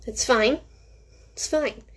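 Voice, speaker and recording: A woman's voice: on the high side, slow pace. A teenage girl hosting a casual solo podcast from home, rambling, correcting herself and making sarcastic asides. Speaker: podcast host.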